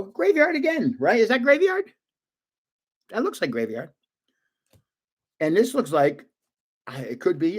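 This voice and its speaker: An older man casually opening trading cards on a live stream, chatty and excitable, guessing aloud and laughing often. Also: a little high, husky. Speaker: card-opening vlogger.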